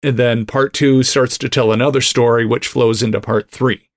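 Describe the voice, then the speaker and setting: A man co-hosting a podcast, explaining in halting, filler-heavy casual chat. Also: medium pitch, fairly even intonation. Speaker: podcast co-host.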